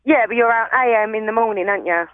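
A woman's voice: fairly high pitch, quick pace, no room sound. A woman with a Cockney accent calling into a radio show, chatty and giggly. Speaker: caller. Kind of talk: casual phone call. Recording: phone line.

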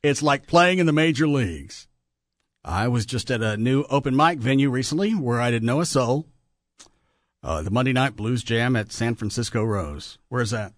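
A man's voice: medium pitch, normal speed, no room sound. A man hosting a radio show, telling stories in casual studio banter and laughing often. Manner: animated, laughing storyteller.

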